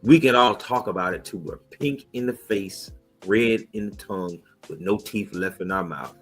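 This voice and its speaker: A man's voice: fairly low pitch, normal speed, slightly rough, rough recording. A man giving emphatic, insistent answers as a guest on a talk show, adamant and punchy in his delivery. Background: soft music bed.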